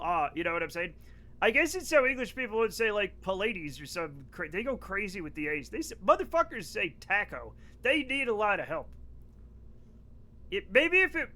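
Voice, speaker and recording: High bright-voiced joking streamer man. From United States. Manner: loud, joking, rants and laughs at chat. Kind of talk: casual live-stream chat.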